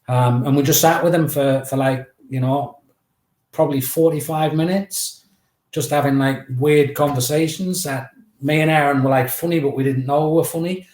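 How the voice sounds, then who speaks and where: A man, a podcast guest telling a story in a lively, chatty way and acting out the quotes. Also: fairly high pitch, moderate pace. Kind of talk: anecdotal storytelling. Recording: roomy echoey room.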